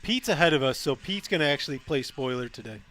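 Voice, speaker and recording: A man's voice: fairly high pitch, animated, fast talker, fairly bright tone, slight background noise. A man co-hosting a live draft watch stream, bantering and teasing his friends. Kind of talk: casual live reaction chat.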